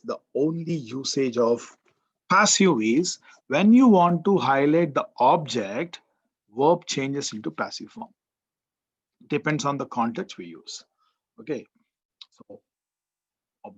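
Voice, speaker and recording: A man's voice: mid-range voice, expressive, unhurried, husky. A man with an Indian English accent giving a college grammar lecture, repeating key words and quizzing the class. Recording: dull, muffled lo-fi sound.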